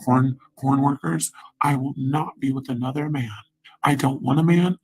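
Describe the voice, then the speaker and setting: A woman's voice: extremely low pitch, fairly even intonation, normal speed, a little mellow, husky, dry recording, poor audio. A woman in a profane, rambling angry rant, taunting and repeating herself.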